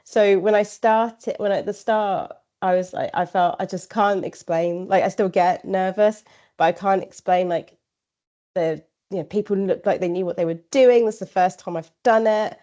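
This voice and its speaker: A woman's voice: mid-range voice, steady tone, moderate pace, mellow. A woman, a podcast guest chatting casually, rambling with lots of fillers and quoted asides. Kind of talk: casual interview chat. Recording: slightly dull lo-fi audio.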